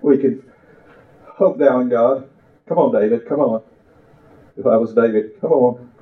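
Impassioned preacher in an echoey church. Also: male voice, on the low side, normal speed, recorded from a distance, phone-quality sound. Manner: impassioned, exclaiming, rising and falling. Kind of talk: sermon.

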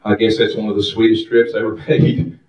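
A man's voice: fairly low pitch, completely flat delivery, fairly quick, roomy sound, highs cut off. A man preaching a testimony sermon in a fervent, sing-song style, calling out hallelujahs, recorded from a distance in a church. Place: church sanctuary.

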